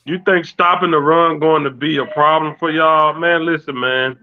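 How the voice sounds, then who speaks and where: A man co-hosts a sports show, answering rival fans with relaxed, slangy banter. His fairly high voice comes through a thin line that sounds like a phone call. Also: moderate pace. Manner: laid-back slangy banter. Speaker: co-host. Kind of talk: casual sports talk.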